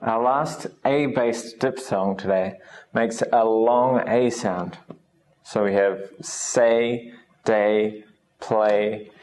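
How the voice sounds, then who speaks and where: Slow-speaking man teaching English sounds. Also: on the low side, a little mellow. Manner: slow, patient, enunciates each sound. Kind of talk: recorded pronunciation lesson.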